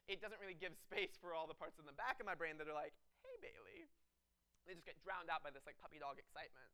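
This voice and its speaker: A young man from Texas, a student pastor telling funny stories in a sermon, animated and laughing often, with many fillers. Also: fairly high pitch, clean tone. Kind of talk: humorous sermon storytelling. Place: church before a live congregation.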